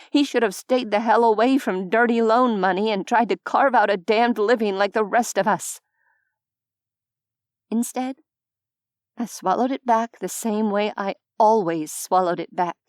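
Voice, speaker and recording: A woman reading a first-person audiobook with wry, even storytelling. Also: fairly high pitch, no echo, clean studio sound. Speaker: audiobook narrator. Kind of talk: scripted first-person narration.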